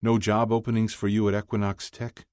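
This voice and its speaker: A man's voice: fairly low pitch, level tone, fairly quick, darkish tone, clear, resonant tone, dry recording, clean studio sound, voice pushed up, close to an everyday voice. Give me a fond middle-aged father who teases his son in a sing-song voice, as a man puts him on. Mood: nosy teasing.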